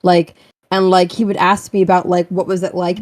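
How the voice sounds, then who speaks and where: A woman's voice: fairly low pitch, little pitch movement, normal speed, darkish tone, dry recording. Blunt swearing woman telling a story. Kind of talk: casual group chat.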